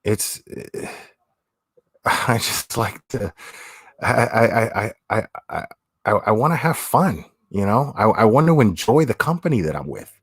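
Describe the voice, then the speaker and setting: A man's voice: fairly low pitch, very animated, unhurried, husky, no room sound, studio quality. A man hosting a livestream, talking bluntly and opinionated, swearing and repeating phrases as he reads chat. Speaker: livestream host.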